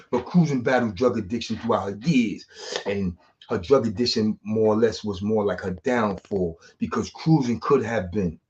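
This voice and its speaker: Slangy new man telling street stories. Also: on the low side. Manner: slangy, animated, reminiscing. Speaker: street storyteller. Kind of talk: casual storytelling monologue. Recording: dull lo-fi sound.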